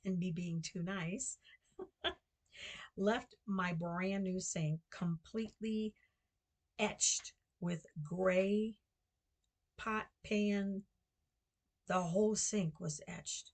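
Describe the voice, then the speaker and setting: Speaking very slowly with frequent pauses, this older woman from the United States, a vlogger who runs a guesthouse, rambles casually at home, full of fillers and self-corrections. Her mid-range voice keeps a fairly even intonation.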